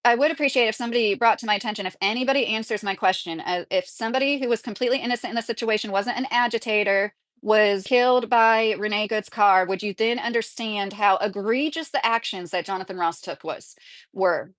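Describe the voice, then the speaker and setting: A woman's voice: mid-range voice, brisk, fairly bright tone, dry recording, studio quality. A woman in her thirties from Kentucky, talking at home in a rambling, opinionated livestream chat and reading viewer comments aloud. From Kentucky, USA. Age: 30s. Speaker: vlogger.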